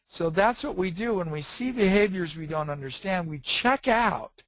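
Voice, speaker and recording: A man who is an author and trainer, telling stories in a lively way and acting out the quoted dialogue. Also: high voice, moderate pace, no room sound, low-quality recording. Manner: animated storyteller, acts out quoted dialogue. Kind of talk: storytelling talk.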